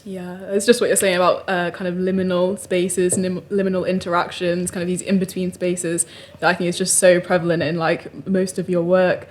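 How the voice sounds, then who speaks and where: A woman hosts a radio conversation with a fairly low voice. She speaks gently and encouragingly and leans on small fillers as she shapes her questions. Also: flat delivery, normal speed. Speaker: host. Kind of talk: casual radio interview.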